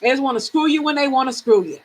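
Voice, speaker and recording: A middle-aged woman from the American South talks frankly with viewers on her live reading stream. Her voice sits high and bright, she swears easily and laughs a lot. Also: fast, low-quality recording. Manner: frank, animated, swearing freely, laughing often.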